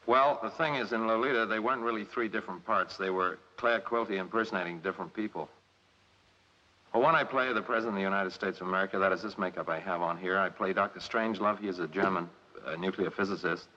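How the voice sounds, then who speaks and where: A man's voice: deep voice, fast talker, sharp tone. A man from England, an actor giving a playful interview on a film set, answering in a dull lo-fi 1960s recording. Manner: playful, hops between voices mid-sentence. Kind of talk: interview answers, slipping into accent demonstrations.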